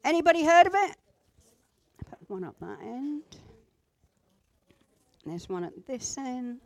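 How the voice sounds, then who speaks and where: A woman teaching a group how to pray, gentle and instructive, with pauses. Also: sits high, very animated, slight background noise. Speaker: church group leader. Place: indoor room with a group at tables.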